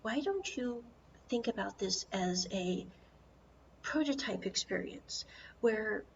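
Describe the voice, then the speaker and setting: A persuasive young man with a calm, coaxing way of talking, sometimes sinking to a near whisper, as a woman retelling a story puts him on. He sits at a middle pitch on a slightly dull recording. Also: slow, gravelly, a little hiss or hum.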